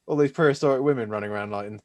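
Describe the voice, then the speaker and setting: A man co-hosting a podcast, trading dry, teasing banter. His voice sits at a middle pitch, and the talk is easy and unscripted. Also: racing. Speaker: podcast co-host. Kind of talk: casual chat.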